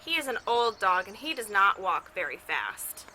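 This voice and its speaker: A woman's voice: medium pitch, very animated, normal speed, sharp tone, a little hiss or hum, poor audio. A woman teacher reading a picture book aloud to children outdoors, cheerfully imitating the sounds in the story. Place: outdoors with her dog.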